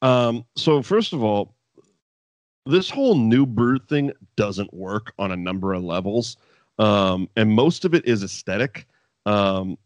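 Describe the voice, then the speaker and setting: A man's voice: on the low side, no echo. A man in a casual podcast chat, telling a wrestling story with lots of swearing and laughter. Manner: profane, laughing, animated storytelling. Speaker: podcast co-host.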